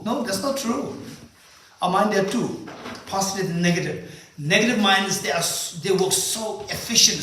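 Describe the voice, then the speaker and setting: A man's voice: high voice, lively intonation, normal speed, pushed and bright. Playful male teacher in an echoing hall. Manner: playful, questioning the audience, laughs often. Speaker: Buddhist teacher leading a retreat. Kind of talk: dharma teaching with live exercises. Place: large echoing monastery hall. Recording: echoey hall from far off with faint noise.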